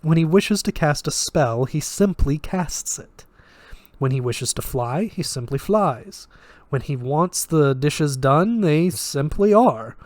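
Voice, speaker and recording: A man voicing a sardonic male magic professor who speaks in a flat, lecturing way with a Russian accent. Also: a little high, takes it slowly, dry recording, pitched above the performer's own voice.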